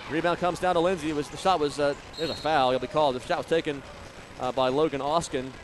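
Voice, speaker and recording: A man doing live play-by-play of a high school basketball game, rattling off plays and scores with bursts of excitement on big shots. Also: fast, noisy background. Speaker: play-by-play announcer.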